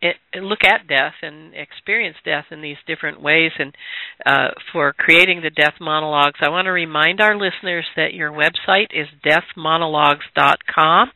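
A woman's voice: low voice, normal speed, pushed and bright, no room sound. A woman hosting a podcast interview, telling a personal story and affirming her guest with frequent mm-hmms. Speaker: podcast host. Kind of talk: casual interview chat. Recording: tinny phone-like line, dry.

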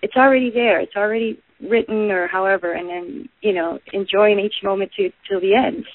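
A female stage performer, appearing as a guest in a casual interview, talks earnestly and rambles with lots of "you know." Her mid-range voice has fairly even intonation and moves fairly quickly over a tinny, phone-like, dry line.

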